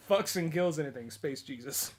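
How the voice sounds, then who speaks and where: A man co-hosting a comedy podcast, tossing in quick jokes and quips while chatting about video games. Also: on the high side, sing-song. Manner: jokey, eggs on the other host with quick quips. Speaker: podcast co-host.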